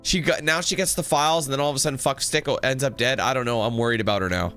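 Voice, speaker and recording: Commentator: man, mid-pitched, bright voice, goofy, rambling and sweary. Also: fast talker, soft background music. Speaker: gaming commentator. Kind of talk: casual let's-play commentary.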